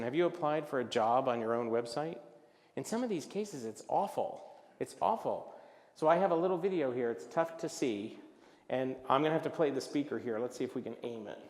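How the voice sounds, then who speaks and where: A man giving a business presentation at a luncheon, animated and jokey, acting out little voices as he talks. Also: medium pitch, long reverb tail. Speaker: luncheon speaker. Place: event hall.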